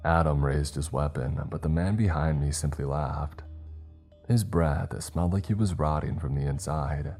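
A man reads a horror story in a slow, grave, measured way. His voice is extremely deep and dark, with faint music playing beneath. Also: husky. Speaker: narrator. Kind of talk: scripted horror story narration.

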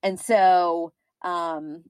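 A woman in her thirties with a Kentucky accent talks through a case in a casual, rambling podcast style, with plenty of fillers. Her voice sits a little low. The sound is dry and close. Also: fairly even intonation, very slow, darkish tone, clear, resonant tone, dry recording. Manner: chatty, rambling, with frequent fillers. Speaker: podcast co-host. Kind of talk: casual true-crime podcast chat.

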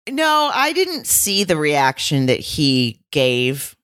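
A woman's voice: wildly swooping pitch, slow, a bit bright, no room sound, clean studio sound. A woman co-hosting a podcast in casual chat, talking with fillers and now and then mimicking other people. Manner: chatty, hesitant with fillers, mimics others in high squeaks. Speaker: podcast co-host.

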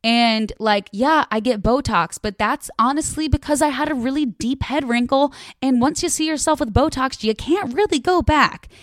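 A woman's voice: sits high, moderate pace, few pauses, no echo, clean studio sound. A young woman from the American Midwest, ranting bluntly and chattily to camera, with plenty of swearing. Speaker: vlogger. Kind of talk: casual rant to camera.

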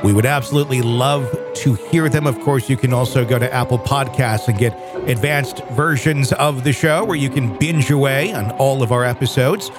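A man's voice: mid-range voice, normal speed. A man hosting a call-in show, reading promos in an easygoing, chatty way. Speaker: host. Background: music.

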